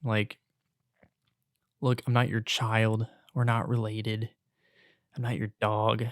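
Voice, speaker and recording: Young male podcaster, exasperated solo rant, gravelly voice, dry close recording. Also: fairly low pitch, little pitch movement, slow pace, no echo. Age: young adult. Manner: exasperated, venting, swears casually. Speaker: podcast host.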